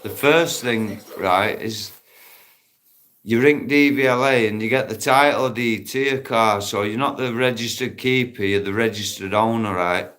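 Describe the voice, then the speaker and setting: A man's voice: on the low side, unhurried, a bit bright. A man chatting bluntly and matily to viewers on a live stream, swearing freely, speaking into a phone outdoors in a park. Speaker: livestream host.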